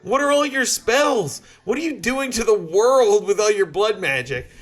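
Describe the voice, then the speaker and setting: Podcast co-host, man, a bit high-pitched, rambling and swearing through a story. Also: expressive, normal speed, fairly bright tone. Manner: rambling, profane, laughing storyteller. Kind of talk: casual comedic chat.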